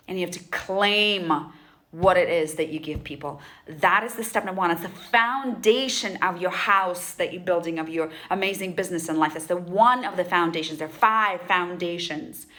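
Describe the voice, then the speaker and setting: Woman coach, bright clear voice, emphatic, blunt, repeats points, talks to camera. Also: on the low side. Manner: emphatic, repetitive, fast asides; blunt, casual. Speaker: sales and mindset coach. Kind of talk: direct-to-camera coaching talk.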